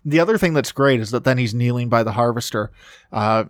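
A man's voice: medium pitch, fairly quick, dry recording, clean studio sound. A man co-hosting a podcast, talking enthusiastically about a movie, often restarting his sentences mid-thought. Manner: enthusiastic, talks with frequent restarts. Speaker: podcast co-host. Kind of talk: casual film discussion.

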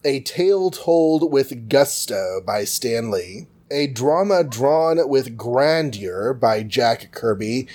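A man's voice: on the high side, darkish tone. A man hosting a podcast, recapping a comic book in a chatty, jokey way. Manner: chatty, jokey, full of fillers. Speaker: podcast host.

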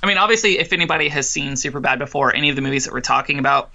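A man's voice: medium pitch, racing, gravelly, sharp tone. A man co-hosting a casual film podcast, rambling with constant "like" fillers and restarts. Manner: rambling, heavy use of filler "like". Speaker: podcast co-host.

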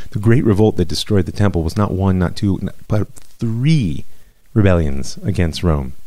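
A man teaching as a rabbi in a measured, reflective lecture with many pauses. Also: deep voice, warm tone, no room sound. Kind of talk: recorded lecture.

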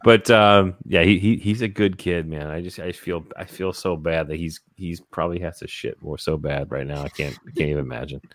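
Low-voiced man in relaxed chat. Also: brisk, few pauses, slight background noise. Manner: relaxed, swears casually. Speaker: podcast co-host. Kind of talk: casual chat.

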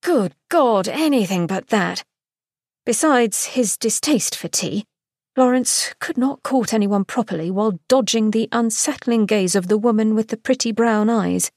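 A woman giving a scripted, expressive narration of a romance novel excerpt. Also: a little high, moderate pace, no echo, studio quality. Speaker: podcast host reading a novel excerpt.

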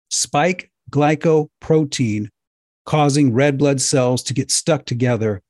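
A man's voice: a little high, darkish tone, dry recording. Emphatic man lecturing, dry and close. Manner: emphatic, preachy, repeats himself. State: getting hoarse. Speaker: speaker addressing viewers. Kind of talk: impassioned lecture-style talk.

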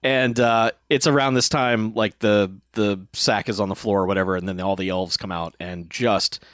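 A man in casual movie-review chat, animated, laughing often and acting out characters' lines. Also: fairly low pitch, normal speed, dry recording, clean studio sound.

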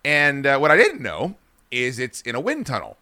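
Podcast host guy spinning a rambling swear-filled story, bright voice, dead dry sound. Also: mid-range voice, moderate pace, no room sound. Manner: rambling, profane, animated anecdote-telling. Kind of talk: comedic storytelling.

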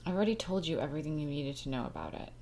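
A woman's voice: sits low, expressive, rapid-fire, a little mellow, a little hiss or hum. A young woman hosting a casual solo podcast, tired and rambling in a frank, scattered way. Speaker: podcast host.

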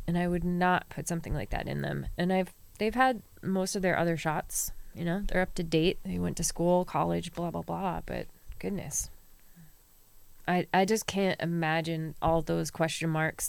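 A middle-aged woman co-hosts a casual talk show, speaking earnestly and personally. Her voice sits low with a gravelly fry, and the recording is dry and close. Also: no echo. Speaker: podcast co-host. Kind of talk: casual chat with live audience.

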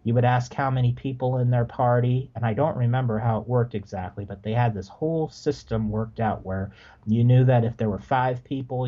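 A man's voice: medium pitch, moderate pace, muffled recording. A man guesting on a podcast, casually telling rambling stories about a past job. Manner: relaxed, rambling, frequent restarts. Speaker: podcast guest, former theme park worker. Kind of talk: casual storytelling.

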